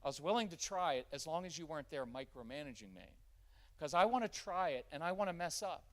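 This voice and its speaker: A man's voice: a little high, lively intonation, fast, a bit bright. A man in his fifties giving a live parenting workshop, joking and acting out parent-child dialogues. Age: 50s.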